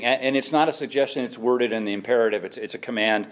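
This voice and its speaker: A man's voice: on the low side, expressive, fast talker, hardly any pauses. A middle-aged man, a pastor, preaching a sermon with emphatic exhortation and self-deprecating asides.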